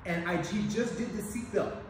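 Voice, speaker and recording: A man who is a police officer and instructor, leading a demonstration lesson in an energetic, emphatic way. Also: high-pitched, normal speed, slight background noise. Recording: echoey room, mic at a distance.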